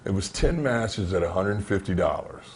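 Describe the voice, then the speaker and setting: This is a man with a somewhat low voice, recounting his wrestling days in a sit-down interview. He tells it casually and with energy, stumbling and restarting as he goes, and slips into the voices of the people in his stories. A faint ambient hum sits under the conversation. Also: normal speed. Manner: animated, acts out dialogue in anecdotes; frequent fillers and restarts, conversational. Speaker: former pro wrestler, interview guest. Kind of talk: storytelling shoot interview.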